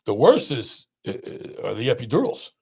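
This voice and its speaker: A man's voice: mid-range voice, moderate pace, gravelly, slightly rough. A middle-aged man, a pain doctor hosting a podcast, telling stories in casual chat and acting out the people he quotes. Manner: animated, acts out quoted voices.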